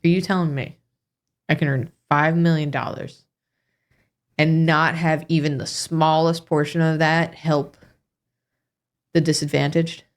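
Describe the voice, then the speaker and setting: A woman's voice: low voice, flat delivery, unhurried, pauses often. A woman bantering in a mock-indignant tone. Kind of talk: casual banter.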